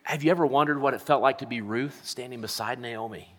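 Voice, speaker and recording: A man preaching a sermon to a congregation, with dramatic pauses, leading them in repeating a word aloud. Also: mid-range voice. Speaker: pastor. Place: large church hall. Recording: long hall reverb.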